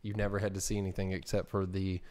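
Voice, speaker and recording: A man's voice: sits low, level tone, fast talker, a little mellow. A man co-hosting a live show, trading casual banter and dry, teasing asides. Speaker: podcast co-host.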